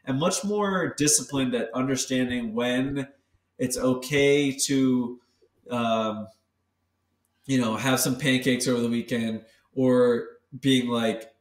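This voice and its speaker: A man's voice: medium pitch, slow, echoey room, distant mic. A man co-hosting a casual podcast chat, talking candidly and animatedly, swearing freely and acting out the voices in his head. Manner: candid, profane, animated storytelling. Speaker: podcast co-host.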